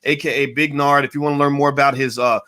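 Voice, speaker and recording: Male interview host with a bright, forceful voice who stumbles and repeats words with enthusiasm. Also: medium pitch, flat delivery, quick pace. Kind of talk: casual interview chat.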